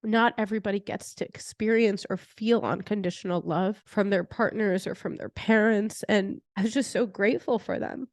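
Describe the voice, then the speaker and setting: Young woman podcast host, casual storyteller, mid-pitched, lots of "like", dry close recording. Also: no echo. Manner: chatty, heavy use of "like" fillers; animated retelling with laughter.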